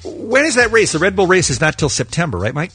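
A man's voice: high-pitched, very animated, fast, a bit bright, slightly rough. A man co-hosting a morning radio show in casual banter, reading listener emails aloud.

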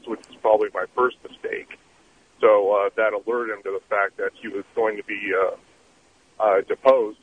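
A man's voice: on the low side, slight background noise. Man telling a story over a tinny phone line. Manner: halting, many uh fillers. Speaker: caller, private investigator.

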